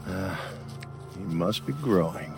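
An actor playing a kindly middle-aged suburban dad, speaking in a gentle, friendly way. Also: male voice, low voice, animated, slow, gravelly, heavily acted. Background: music.

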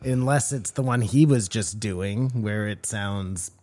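A man with a Canadian accent co-hosting a podcast, telling stories with animated, playful banter. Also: lowish voice, unhurried. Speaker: podcast co-host. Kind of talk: casual banter.

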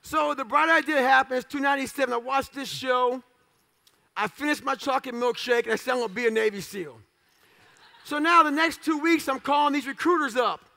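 A man's voice, pitched unusually high and edged with a gravelly rasp, rolls out a motivational speech. He talks in short, punchy fragments and keeps it raw with swearing and jokes at his own expense. The tone is bright and sharp. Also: a little fast. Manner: blunt, profane, self-mocking humor; punchy clipped phrases. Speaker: motivational speaker.

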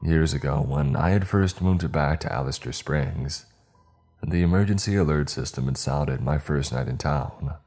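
Male horror storyteller, very low voice, steady delivery, faint music behind. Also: moderate pace. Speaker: narrator.

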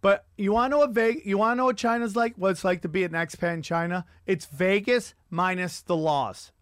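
A man hosting a casual podcast, telling rambling, profane stories with animated energy. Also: sits high, brisk, no room sound, clean studio sound. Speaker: podcast host and comedian. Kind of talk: crude casual chat.

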